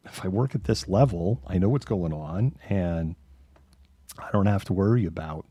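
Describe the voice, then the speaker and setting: A man's voice: sits low, darkish tone, husky, no echo, studio quality. A man co-hosting a live online talk show, rambling casually and swearing as he retells a cartoon episode, putting on voices for the characters. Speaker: podcast co-host.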